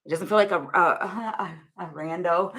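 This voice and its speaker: A woman's voice: lowish voice, slow, fairly bright tone. A young woman giving a casual tarot reading to camera, rambling and laughing often as she thinks aloud. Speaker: tarot reader.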